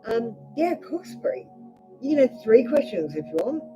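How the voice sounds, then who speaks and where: A woman with an Australian accent swears freely while giving a blunt tarot reading on a live stream. Her voice sits on the high side, sing-song and dark in tone at a moderate pace, with faint music behind and dull lo-fi stream audio.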